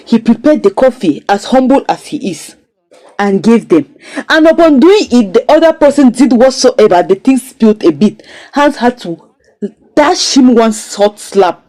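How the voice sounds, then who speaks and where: A woman recapping and critiquing a drama series in a casual, storytelling way. Her voice is fairly high but dark and mellow, with very lively rises and falls in pitch. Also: measured pace, low-quality recording. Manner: animated, expressive storytelling. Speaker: series reviewer.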